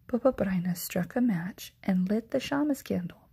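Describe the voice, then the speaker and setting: A woman reading a children's story aloud in a hushed, gentle ASMR whisper. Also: mid-range voice, expressive, normal speed. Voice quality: breathy whisper.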